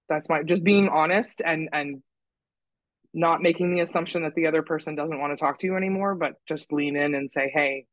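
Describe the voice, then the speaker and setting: A woman's voice: fairly low pitch, no echo, poor audio. Frank, self-critical woman on a call. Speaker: podcast guest. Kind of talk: candid conversational chat.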